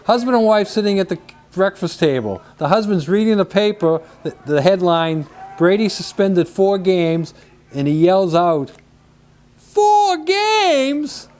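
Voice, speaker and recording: Man, high voice, chatty booth commentator, stumbles over starts. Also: normal speed, darkish tone. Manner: chatty, storytelling, repeats words when starting. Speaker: sports commentator. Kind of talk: casual booth chat between plays.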